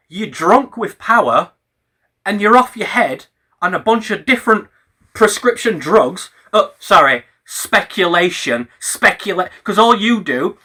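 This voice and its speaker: A man's voice: high-pitched, bright, forceful tone. A young man, a YouTuber, ranting on camera in a heated, sweary, sarcastic way. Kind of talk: ranting commentary vlog.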